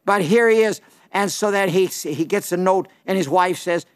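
A man preaching a televised sermon, telling the story dramatically and swinging from loud outcries to hushed tones. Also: high voice, normal speed. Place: television studio.

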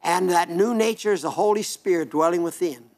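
A man's voice: high-pitched, fairly quick. An older man from South Dakota, a radio preacher reading listener letters and giving a plainspoken, folksy sermon that rambles with restarts.

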